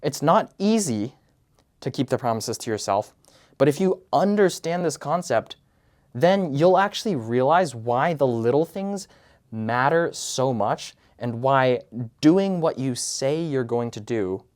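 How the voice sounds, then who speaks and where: A man's voice: mid-range voice, expressive, unhurried, a little mellow. A man with a mid-range voice gives casual advice straight to his viewers. He lays out his points step by step and demonstrates falling and rising tones as examples. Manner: structured and explanatory, demonstrates vocal tones. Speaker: YouTube creator giving career and communication advice. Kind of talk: casual direct-to-camera advice talk.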